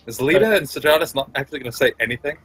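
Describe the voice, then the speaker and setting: Husky man playing, hesitant and chatty. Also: medium pitch, expressive, rapid-fire, a bit bright. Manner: hesitant, restarts a lot. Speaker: player. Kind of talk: tabletop game play.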